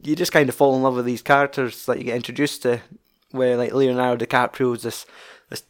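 A man's voice: medium pitch, little pitch movement, fast talker. Chatty Scottish man rambling about films. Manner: rambling, swears freely, many fillers. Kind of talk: casual film chat.

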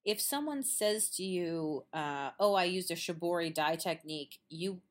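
Podcast host, woman, lively chatty storyteller, voice on the low side. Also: a little slow. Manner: animated storyteller, acts out quotes, laughs often. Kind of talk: casual chat. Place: at a quilt show.

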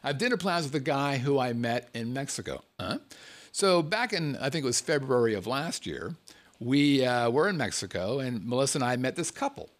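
A man's voice: mid-range voice, animated, fairly quick. A man telling a casual story in a monologue, joking at himself and swearing freely.

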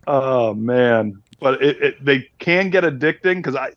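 A man of middle pitch co-hosting a podcast in easy, joking chat, often playing at being indignant. His recording sounds a little dull and muffled. It is dry, with no room echo. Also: animated, a little slow. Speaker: podcast co-host, actor. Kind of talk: casual chat.

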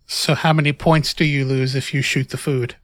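A man's voice: mid-range voice, level tone, normal speed, a bit bright, no room sound. Wry man co-hosting, dry sound. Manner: wry, joking. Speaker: podcast co-host. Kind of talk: casual chat.

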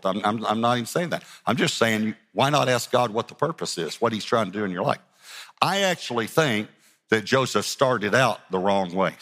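In a large hall, a male pastor with a fairly low, slightly bright voice delivers a dramatic sermon. He keeps restarting his sentences, repeating words as he does, and acts out Bible scenes using different character voices.

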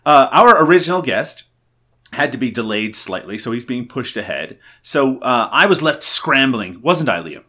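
A man's voice: mid-range voice, big pitch swings, moderate pace, bright, forceful tone. A man from Canada hosting a podcast in jokey, teasing casual chat. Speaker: podcast host.

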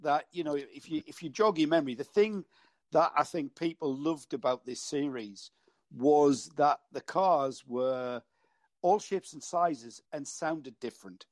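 A man's voice: fairly high pitch, measured pace, dry recording. Northeast English man, chatty commentator. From northeast England. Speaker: racing commentator. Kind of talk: casual panel chat.

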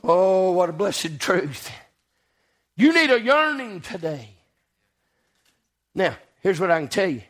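A man preaching a sermon with fervent swings from low murmurs to shouted peaks, repeating phrases and punctuating with amen. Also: big pitch swings, slow, pauses often.

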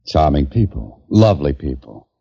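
A deep-voiced wry adventurer. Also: male voice, sing-song, moderate pace, vocal fry, mellow, slightly rough, heavily acted. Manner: wry, ironic. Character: wry, quick-witted adventurer writer, lead man. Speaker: narrator and lead. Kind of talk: 1940s radio acting. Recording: dull old radio recording with faint music.

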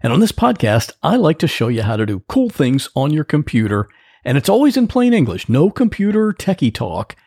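A man hosts a solo podcast in a relaxed, plain-spoken, folksy manner. His voice is gravelly and a bit high, and his pitch swings widely as he talks. The close mic picks up very little room sound. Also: fairly quick, dry recording. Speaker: podcast host, computer repair tech. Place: home office.

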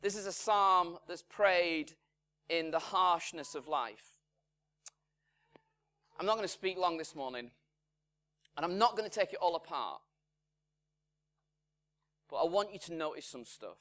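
Slow, measured man preaching a sermon. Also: on the high side. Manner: measured, emphatic delivery with loudness swinging from strong to hushed. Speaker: pastor. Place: church in Salford.

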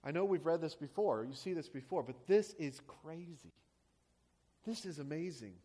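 A man's voice: on the high side, expressive, normal speed, dark tone, husky. A man preaching a sermon as a pastor, praying and then teaching with rhetorical questions and emphatic repetition.

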